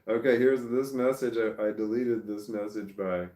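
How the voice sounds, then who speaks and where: A man with a Southern American accent, talking casually as he reads viewer comments aloud. His voice sits fairly low, and his talk rambles and stops and starts between small chuckles. The room around him sounds echoey. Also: fairly even intonation, moderate pace, warm tone. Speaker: vlogger reading live comments. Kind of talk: casual livestream chat.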